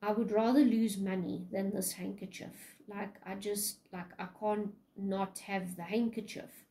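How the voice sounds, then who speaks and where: A woman's voice: medium pitch, fairly even intonation, measured pace, warm tone, lightly acted. Woman quoting a distressed young noblewoman. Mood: plaintive.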